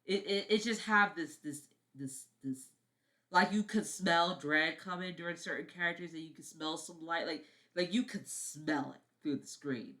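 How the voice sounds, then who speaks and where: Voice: mid-range voice, moderate pace, sharp tone. A vlogger ranting casually about favorite films, rambling, repeating words, swearing and often apologizing. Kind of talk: casual film-review vlog.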